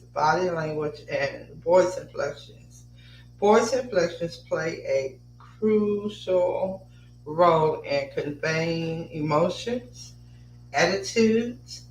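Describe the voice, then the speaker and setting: A woman hosting a podcast with her son, chatting casually with many fillers and reading notes aloud. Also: lowish voice. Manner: chatty, rambling, with frequent fillers. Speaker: podcast host and mother. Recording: roomy echo, distant mic, faint hum.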